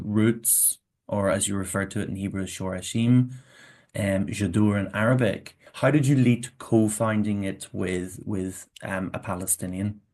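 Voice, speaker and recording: A man hosting a podcast, asking interview questions in a slow, hesitant way. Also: lowish voice, a little mellow. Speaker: podcast host.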